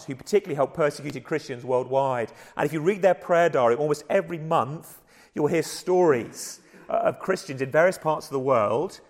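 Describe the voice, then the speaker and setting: Man, English accent, hoarse, sermon, earnest, slightly high voice, long church echo. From England. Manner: earnest, conversational, with frequent repeated starts. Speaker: preacher.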